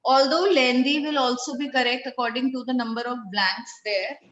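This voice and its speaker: A woman's voice: high voice, steady tone, normal speed, a bit bright. Woman teacher drilling a French class. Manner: spells out and drills words, praises answers. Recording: echoey, dull with faint noise.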